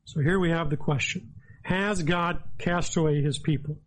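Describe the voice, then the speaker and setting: High-voiced man preaching a sermon. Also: fairly even intonation, moderate pace, low-quality recording. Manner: earnest, emphatic, reads scripture aloud. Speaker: pastor.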